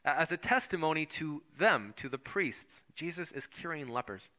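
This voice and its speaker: Bright-voiced man preaching a sermon. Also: fairly high pitch, expressive, moderate pace. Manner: conversational, acts out voices of the Bible figures. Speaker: pastor.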